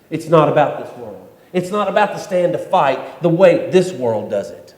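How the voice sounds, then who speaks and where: A man's voice: fairly high pitch, very animated, moderate pace, few pauses, darkish tone. A man preaching a sermon in a church hall, talking in a conversational way and repeating his key points. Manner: conversational preaching with repetitions and acted-out quotes. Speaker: pastor. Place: church sanctuary.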